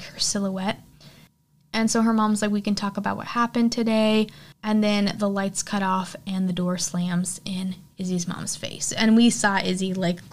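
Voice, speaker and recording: Chatty woman recapping a film. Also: medium pitch. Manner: chatty, filler-heavy retelling. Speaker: horror podcast host.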